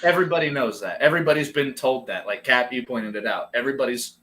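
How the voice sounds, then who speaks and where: A man co-hosting a casual wrestling podcast, animated and laughing easily, swearing casually. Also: mid-range voice, fast. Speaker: podcast co-host. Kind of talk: casual chat.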